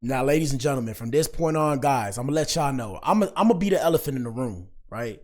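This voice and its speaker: Young man, casual commentary, slangy, preachy, talks to his viewers, medium-pitched voice. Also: animated, quick pace, darkish tone. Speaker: commentary streamer.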